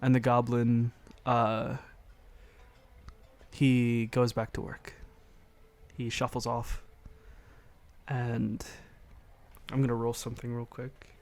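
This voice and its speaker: A man narrating a tabletop game as game master, halting and correcting himself as he goes. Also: medium pitch, monotone, a little mellow.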